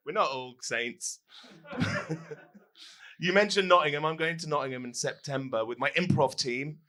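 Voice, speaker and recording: Playful giggly guy co-hosting a live podcast, slow talker, super bright voice. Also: fairly high pitch, animated. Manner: giggly, playful, self-deprecating. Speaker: podcast co-host and improv performer. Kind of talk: live comedy podcast chat. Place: comedy venue stage before a live audience.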